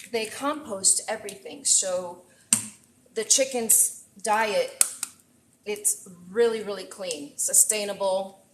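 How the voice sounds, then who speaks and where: A woman chef hosting a casual live cooking stream, chatty and excitable as she greets viewers from her kitchen. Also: mid-range voice, slight background noise, rough recording. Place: home kitchen. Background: faint frying and sizzling.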